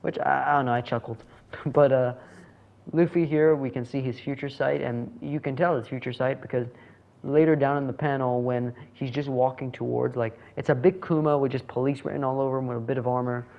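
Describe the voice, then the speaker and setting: A man's voice: medium pitch, fairly even intonation, a little fast, gravelly, dull audio. A man reviewing a manga chapter in casual solo commentary, rambling, correcting himself and chuckling as he goes.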